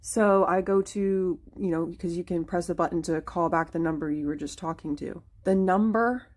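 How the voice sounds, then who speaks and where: A woman's voice: on the low side, moderate pace, a little mellow. A woman casually recounting a phone call with a ghost, hesitating and repeating words. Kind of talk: casual storytelling.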